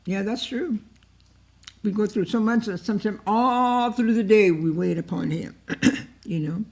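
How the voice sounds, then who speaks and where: A woman with a dark, mellow voice teaches an informal Bible study. She repeats herself for emphasis and acts out pleading prayers with feeling. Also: medium pitch, measured pace, creaky. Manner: emotive and repetitive, often acts out cries to God.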